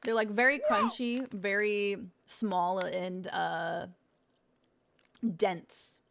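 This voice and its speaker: Casual woman streamer, mid-pitched, playful banter with frequent swearing. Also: flat delivery, drawn-out words, creaky, noisy background. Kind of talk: casual live-stream chat.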